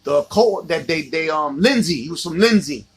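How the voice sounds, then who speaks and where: Middle-aged New York man, husky, slightly high, casual livestream host swapping stories. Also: expressive, normal speed. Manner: reminiscing, reading out viewer comments.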